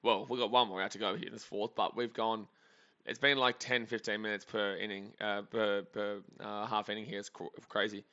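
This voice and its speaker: Bright, chatty man streaming. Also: fairly low pitch, flat delivery, fairly quick, lo-fi sound. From Australia. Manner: chatty, rambling, jokey. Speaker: sports streamer. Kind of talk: live game reaction commentary.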